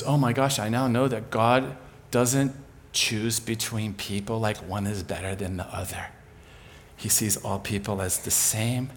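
A man preaching a sermon, telling a story with lively acted-out voices that swing from hushed to loud. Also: mid-range voice. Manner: animated, acts out voices in his stories, swings from hushed to loud.

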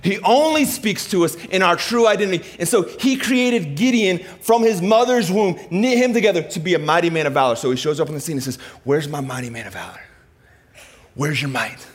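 A man preaching a sermon, swinging between soft, intimate passages and loud, high-pitched emphasis. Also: fairly quick, few pauses.

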